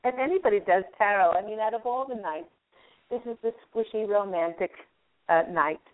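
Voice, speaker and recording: A woman radio host giving a call-in angel card reading, gently guiding the caller through a visualization. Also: medium pitch, brisk. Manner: soothing, guiding, talks listener through a visualization. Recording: narrow phone-line sound.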